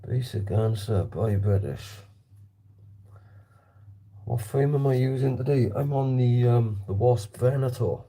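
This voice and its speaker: Dark, husky man chatting. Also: medium pitch, lively intonation, a little slow, pauses often. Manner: chatty, reads out and answers viewer comments. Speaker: slingshot vlogger. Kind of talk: casual talk while target shooting. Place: indoor hallway.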